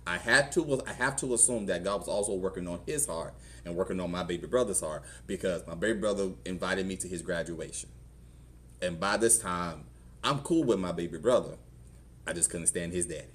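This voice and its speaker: In a church, a middle-aged Southern US pastor shares his own story as a testimony sermon, conversational in style, voicing the characters himself. His voice sits low with a fairly bright tone and a brisk pace, over a little hiss or hum.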